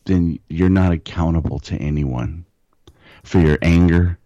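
Man, very deep voice, dry sound, emphatic preachy co-host. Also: measured pace, dark tone, dry recording, muffled recording. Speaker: podcast co-host. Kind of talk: casual bible talk.

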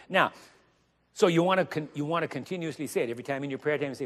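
A man preaching a sermon with emphasis, getting louder and slowing down on the words he stresses. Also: fairly high pitch. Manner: emphatic, rising to loud stressed phrases, slows down on scripture. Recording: long reverb of a large hall.

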